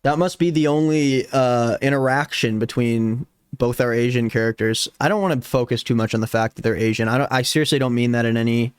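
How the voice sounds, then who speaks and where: A man in his twenties recapping a novel in a casual vlog, sarcastic and animated, slipping into mock voices and laughing as he goes. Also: medium pitch, brisk, few pauses, clean tone, no echo, clean studio sound. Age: 20s. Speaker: book vlogger.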